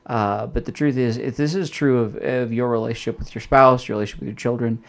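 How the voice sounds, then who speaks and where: A man's voice: mid-range voice, steady tone, quick pace, creaky. A young adult man hosting a casual podcast on faith, explaining loosely with plenty of fillers. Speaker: host.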